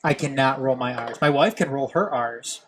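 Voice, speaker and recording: A man's voice: medium pitch, normal speed, noisy background. A young man with a nasal Midwestern accent hosting a casual sports podcast, rambling and self-deprecating and tripping over his own words. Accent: Midwestern American. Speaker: podcast host.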